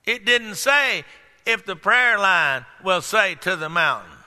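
A male pastor preaching a sermon to a congregation, calling out questions and breaking into sudden shouts. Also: high voice, animated, slow pace. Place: church hall. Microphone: microphone. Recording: echoey hall.

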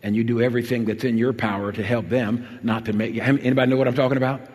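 A man preaches a sermon, weaving a personal story into his message. He presses hard on his appeals, then drops to a low, quiet voice when he remembers. His mid-pitched voice rings out with a long reverb from a large hall. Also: steady tone, fast talker.

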